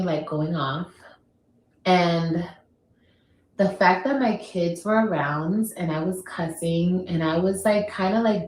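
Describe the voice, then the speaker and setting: On a casual livestream, a woman who is a mother talks bluntly and emphatically. Her voice is lowish, the room is echoey, and there's a little hiss or hum in the audio.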